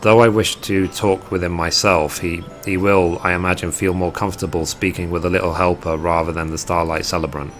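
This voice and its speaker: A kindly festive celebrant with gentle, polite words, read aloud by a man in his own voice. The delivery is plain and very deep, with faint music behind it. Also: little pitch movement, fairly quick, few pauses.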